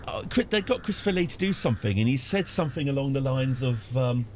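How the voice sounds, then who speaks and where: Male streamer, lively up-and-down delivery, chatty and rambling, faint room hum behind. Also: mid-range voice, fast talker, few pauses. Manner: rambling, jokey storytelling with lots of fillers. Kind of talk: casual live-stream chat while gaming.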